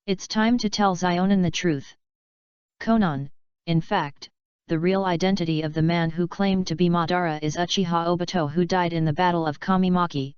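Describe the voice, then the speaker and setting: A woman reading the part of a calm, gentle young ninja leader, speaking in a fairly low, very clear and smooth voice. The recording is dry and a bit dull. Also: no echo, lightly acted.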